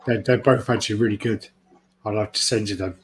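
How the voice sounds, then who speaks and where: A man co-hosting a casual chat, relaxed and easygoing, chipping in with short remarks. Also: on the low side, fairly quick, a little hiss or hum. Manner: relaxed, brief replies, laughs easily. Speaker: co-host.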